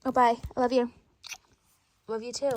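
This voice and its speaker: A woman performing an improvised skit, switching rapidly between many bickering characters in different voices. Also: on the high side, level tone, slight background noise. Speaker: storyteller voicing every character. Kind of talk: improvised doll-play skit.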